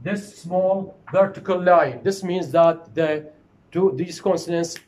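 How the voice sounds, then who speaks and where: A man giving a recorded phonetics lecture, slow and deliberate, repeating example words to model their pronunciation. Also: sits high, fairly even intonation, darkish tone, rough recording.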